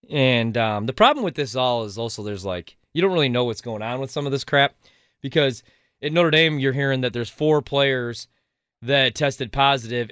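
A man's voice: medium pitch, a bit bright, dry recording. A man co-hosting a sports radio talk show, rambling and stammering through restarts, with dry sarcastic jokes. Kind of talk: casual sports radio banter.

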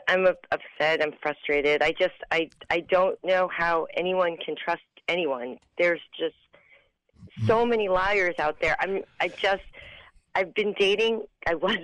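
A woman calling in to a radio show, talking in halting, tearful bursts with nervous laughs as she fights back tears. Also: on the low side, fairly bright tone, dry recording. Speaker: caller. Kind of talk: emotional call-in confession. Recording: phone line.

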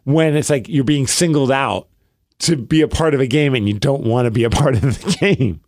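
A man co-hosting a podcast, telling a story in casual chat and acting out quoted lines in a hushed voice. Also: mid-range voice, moderate pace, dry recording, studio quality. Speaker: podcast co-host.

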